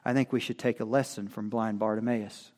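A man preaching a sermon as pastor, reading scripture and rising to loud, impassioned cries. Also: fairly low pitch, steady tone. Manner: slow, building to loud impassioned cries when quoting scripture.

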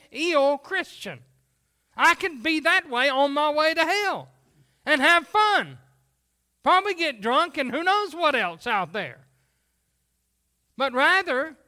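Pastor, man, very high voice, folksy animated sermon delivery.

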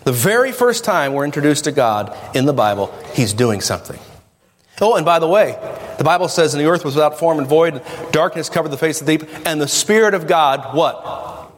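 A man's voice: a little high, animated, a little fast, slight background noise. A pastor preaching a sermon, firing rhetorical questions at his congregation. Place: church sanctuary. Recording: long reverb of a church hall.

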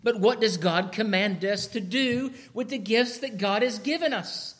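A man preaching a sermon as pastor, swinging from hushed lines to shouted ones and asking his listeners rhetorical questions. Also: sits high, measured pace.

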